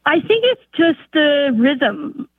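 A woman from North Dakota, a biology teacher calling in to a radio show, speaking in a soft and thoughtful way. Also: high-pitched, very animated, takes it slowly, dry recording. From North Dakota, USA. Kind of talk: call-in radio chat. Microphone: telephone. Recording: tinny phone line.

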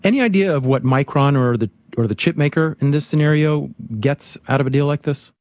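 A man hosting a business news report, asking brisk questions and signing off. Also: on the high side, darkish tone, no echo. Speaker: news host. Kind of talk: interview questions and sign-off.

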